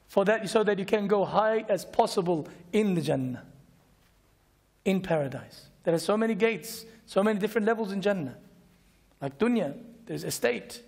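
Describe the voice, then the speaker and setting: A man giving a Friday night religious lecture, emphatic and repetitive, slowing to stress key words, recorded in a lecture hall. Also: sits high. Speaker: Islamic lecturer. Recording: long echoing hall reverb.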